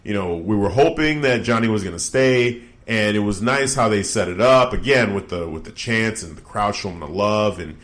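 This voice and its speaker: A man co-hosting a casual podcast chat, talking loosely with lots of fillers and jumping up in pitch when he mocks someone. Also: moderate pace, few pauses. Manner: animated, mocking retellings with pitch jumps. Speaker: podcast co-host.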